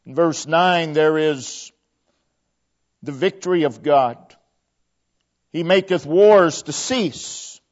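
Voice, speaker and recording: A man preaching a sermon, slow and emphatic, his phrases often falling away to a quiet close. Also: on the high side. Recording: dull lo-fi recording.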